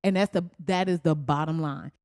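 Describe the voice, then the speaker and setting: A woman hosts a comedy podcast alone, speaking. She is blunt and profane and keeps jumping into high, animated exclamations. Her voice is dry and close to the mic, with no room sound. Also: brisk, clean tone, no room sound. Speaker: podcast host.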